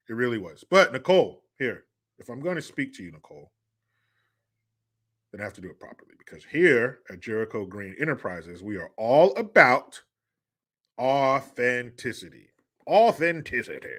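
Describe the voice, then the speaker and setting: A male live-stream host talking casually and rambling from topic to topic, swearing freely. His voice moves up and down a lot and has a bright edge. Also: mid-range voice. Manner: profane, rambling, joking. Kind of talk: casual live-stream talk, reading chat.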